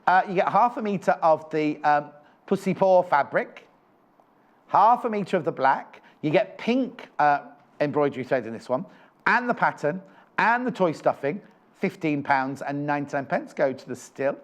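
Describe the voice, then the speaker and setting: A man's voice: on the high side, expressive, normal speed. A man presenting craft kits on a live shopping channel, chatty and enthusiastic, rambling with frequent self-corrections.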